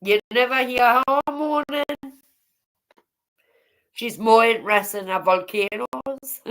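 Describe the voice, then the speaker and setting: A woman's voice: fairly high pitch, takes it slowly, fairly bright tone, low-quality recording. A woman chatting casually on a livestream, blunt and swearing freely as she greets viewers by name. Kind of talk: casual live-stream chat with viewers.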